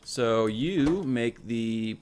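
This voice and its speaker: This let's play host speaks extremely slowly in an expressive, mid-range voice that's a little mellow, over a little hiss or hum. He casually narrates his own gameplay, thinks out loud, self-corrects, and chats with the robot units.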